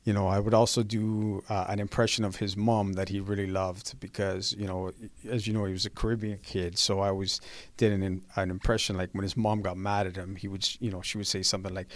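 Man, low voice, dry close recording, rambling fond tribute, lots of fillers. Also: level tone, brisk, no echo. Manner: rambling, fond, with many "you know" fillers. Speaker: sports network colleague. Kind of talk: heartfelt remembrance.

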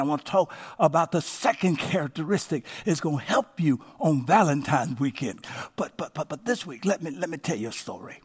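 A middle-aged male pastor preaching a sermon, swinging from hushed asides to shouted calls of "come on now". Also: a little high, expressive, a little fast, husky.

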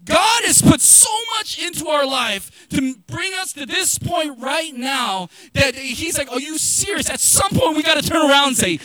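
A middle-aged man preaching in a high, bright voice. He talks like he is chatting with friends and cracks jokes, then pushes up into shouted emphasis. The sound is dry and close, with no room in it. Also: lively intonation, a little slow, hardly any pauses, no echo. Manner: conversational and joking, rising to shouted emphasis. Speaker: pastor. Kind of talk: sermon.

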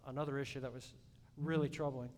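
A man preaching a sermon in a church, swinging between loud emphatic peaks and soft hushed asides. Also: fairly even intonation, fast talker. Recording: long hall reverb, faint rumble.

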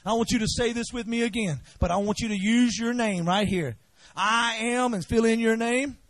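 A man preaches a fiery revival sermon at normal speed, with no room sound. He swings from shouted exhortation to low, intense urging and leads the congregation in call-and-response.

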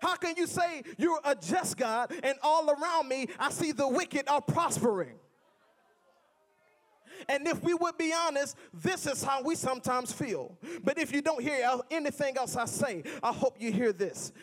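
A man with a strikingly high voice preaches a sermon. He builds rhythmic, repeated refrains and mixes in playful humor. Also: expressive, normal speed.

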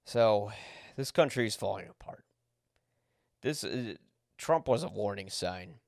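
Blunt, gravelly-voiced man ranting. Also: lowish voice, lively intonation, measured pace, darkish tone, dry recording, studio quality. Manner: blunt, swears when angry, corrects himself. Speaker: podcast host. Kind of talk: unscripted personal monologue.

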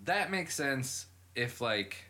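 A man's voice: mid-range voice, very animated, slow pace, pushed and bright. A man hosting a podcast, chatting casually, laughing and swearing, skeptical. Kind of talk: casual chat.

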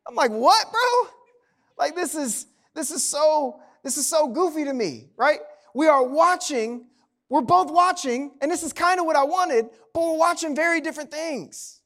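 A man's voice: very high voice, normal speed, a bit bright. A man preaching a sermon in a conversational, humorous way, often checking in with "right?". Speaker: pastor.

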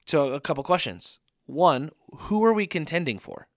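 A man's voice: on the high side, big pitch swings, moderate pace, dry recording, studio quality. A man preaching an earnest podcast sermon to young adults, repeating rhetorical questions for emphasis. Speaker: young adult ministry speaker.

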